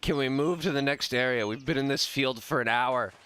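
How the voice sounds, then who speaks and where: A man's voice: mid-range voice, a little fast, fairly bright tone, smooth. A man casually commenting while playing a video game, joking, swearing and laughing often. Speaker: gaming streamer. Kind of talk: casual let's-play commentary.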